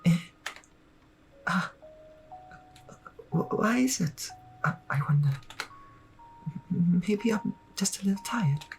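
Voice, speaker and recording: A man's voice: sits high, expressive, takes it slowly, gravelly, pauses often, faint music behind, voice pushed up, full character voice. A man doing a timid stammering young girl. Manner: stammering, hesitant. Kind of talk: reading game dialogue aloud.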